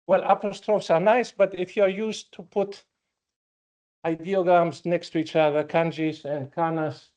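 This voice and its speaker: A man giving an academic conference talk, speaking as a with frequent fillers and pauses. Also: fairly high pitch, a little mellow. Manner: slow, halting, with many fillers. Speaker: conference presenter.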